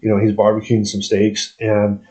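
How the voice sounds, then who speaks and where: A man's voice: fairly low pitch, monotone, moderate pace, mellow, low-quality recording. A man from Canada telling rambling stories in casual chat, restarting sentences and laughing often.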